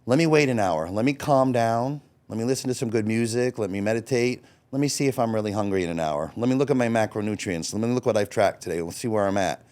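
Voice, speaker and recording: A man's voice: fairly low pitch, fast talker, hardly any pauses. Blunt, swearing man in his forties. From Florida. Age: 40s. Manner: blunt, swears freely, animated when quoting himself. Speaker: interview guest. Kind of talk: candid personal storytelling.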